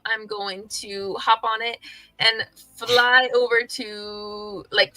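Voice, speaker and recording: Slow-talking woman player, bright voice. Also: fairly high pitch, no room sound, low-quality recording. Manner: hesitant, filler-heavy. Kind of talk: casual tabletop play.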